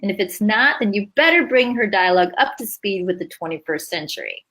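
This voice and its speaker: A woman runs a writing workshop in a chatty, upbeat manner, laughing easily while she explains things in a casual teaching style. Her voice is medium-pitched, a bit bright and brisk, with lively intonation, though the audio quality is poor.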